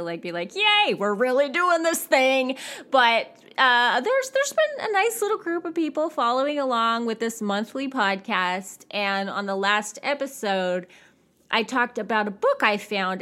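A woman in her forties hosts her own podcast and talks straight into a podcast mic. Her pitch sits mid-range for a woman. She chats casually and expressively, and her voice often leaps up in pitch. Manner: chatty and expressive, with jumps in pitch. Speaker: podcast host. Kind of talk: casual solo podcast talk.

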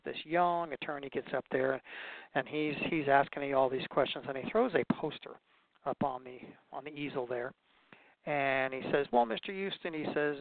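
A man's voice: medium pitch, gravelly, no echo. A man hosting a show, giving casual folksy advice as an expert witness and telling stories with many restarts. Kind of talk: casual instructional talk. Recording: dry, tinny phone-like sound.

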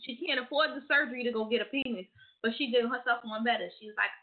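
Woman, fairly high voice, frank profane street talk, phone-line sound. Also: fast. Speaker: co-host. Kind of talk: call-in radio talk.

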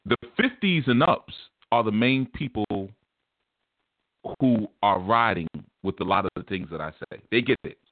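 A man hosting an online radio talk show, talking in an animated, emphatic way and repeating words as he starts his thoughts. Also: fairly low pitch, moderate pace, no echo. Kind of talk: casual talk show monologue. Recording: dry, tinny phone line.

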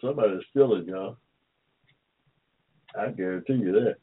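A man's voice: lowish voice, moderate pace, husky. Older man hosting a chatty call-in show. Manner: rambling, joking, repeats himself. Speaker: talk show host. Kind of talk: casual chat to listeners. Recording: phone-like line.

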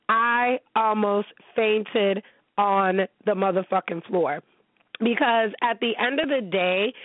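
A woman's voice: on the high side, no echo, phone-quality sound. A woman hosting her own talk show, ranting bluntly and profanely in casual commentary. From United States. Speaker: host.

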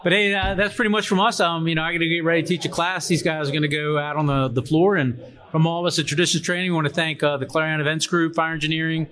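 Bright-voiced joking man hosting a panel. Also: a little high, fairly even intonation, fast. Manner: joking, rambling with fillers and restarts. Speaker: host, fire service instructor. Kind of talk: casual panel chat on a livestream. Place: trade conference venue.

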